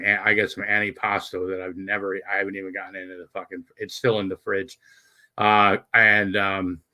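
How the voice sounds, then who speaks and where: A man hosting a casual late-night livestream, rambling and swearing as he greets viewers by name, with lots of halting fillers. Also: fairly low pitch, pushed and bright. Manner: halting, many fillers and restarts. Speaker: livestream host.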